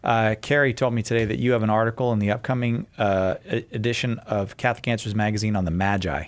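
A man's voice: lowish voice, steady tone, fast talker. A man hosting a call-in radio show, upbeat and chatty, introducing the guest and taking calls. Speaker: radio host.

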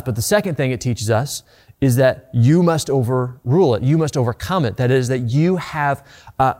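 A man's voice: mid-range voice, a little mellow. A man preaching a sermon as a pastor, earnest and direct, often repeating words as he presses a point.

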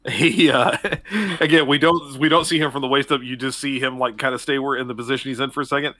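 A man running a tabletop game, setting the scene in a loose, casual way full of fillers. His voice is bright and sits in the middle range. The sound is dry and close. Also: medium pitch, fairly even intonation, fast talker, dry recording. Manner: casual, filler-heavy narration. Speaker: game master.

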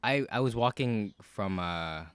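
Profane, animated man, low voice. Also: unhurried, smooth, no room sound. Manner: profane, animated, many fillers. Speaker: podcast co-host. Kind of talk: casual chat, storytelling.

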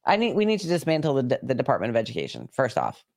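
A woman's voice: very deep voice, wildly swooping pitch, quick pace, gravelly, darkish tone. A woman co-hosting a podcast in casual chat, joking, swearing freely and laughing often. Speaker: podcast co-host.

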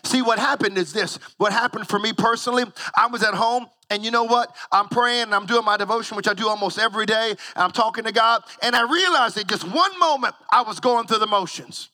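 Bright, high-voiced male pastor preaching. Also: fairly quick, hardly any pauses, big-room sound. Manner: preaching, builds to shouted praise. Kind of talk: sermon.

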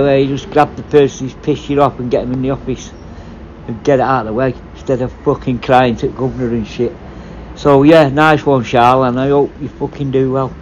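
A former prison officer talking bluntly in a casual, sweary monologue. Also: male voice, mid-range voice, darkish tone, highs cut off, slight background noise.

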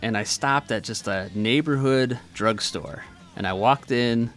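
A man's voice: medium pitch, a little slow, a bit bright, soft background music. A man from Wisconsin with an Upper Midwest American accent, hosting a podcast in casual chat. He rambles through stories and swears freely. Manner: laid-back, swears freely, rambling storyteller. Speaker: podcast host.

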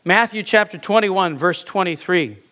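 A man preaching a conversational sermon, asking rhetorical questions and pausing for emphasis. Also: sits high, pushed and bright. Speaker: pastor.

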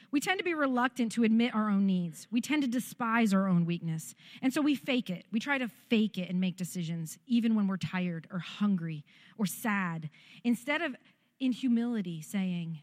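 A woman's voice: mid-range voice, animated, normal speed, a little mellow. A middle-aged woman pastor preaching a sermon, earnest and direct, with a practical, encouraging way of talking.

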